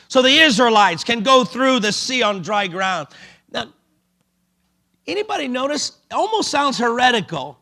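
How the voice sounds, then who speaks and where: A man's voice: very high voice, sing-song, moderate pace, sharp tone. A man preaching a sermon as a bishop, emphatic and dramatic in delivery.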